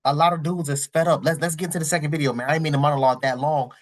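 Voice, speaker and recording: A man's voice: on the high side, fairly even intonation, rapid-fire. A man hosting a casual reaction commentary, rambling and candid, full of slang, repeating his points. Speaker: reaction channel host.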